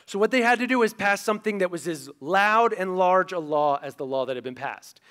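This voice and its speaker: A male pastor tells a story from the pulpit with a fairly high voice. He is animated and casual, slipping into the voices of the people in the story. His sermon rolls along in storytelling mode. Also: brisk. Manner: animated, acts out quoted characters.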